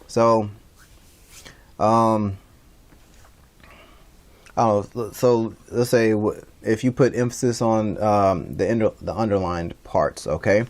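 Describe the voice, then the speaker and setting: A man's voice: on the low side, takes it slowly, pauses often, darkish tone. A man teaching a casual class over a stream, rambling, with many fillers and restarts. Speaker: instructor. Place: livestreamed class.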